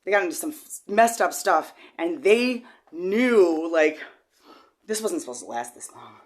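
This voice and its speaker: A middle-aged woman telling an emotional personal story, rambling and halting with many repeated words, swinging from quiet to loud. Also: animated. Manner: shifts from low and quiet to loud and high when agitated. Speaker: vlogger.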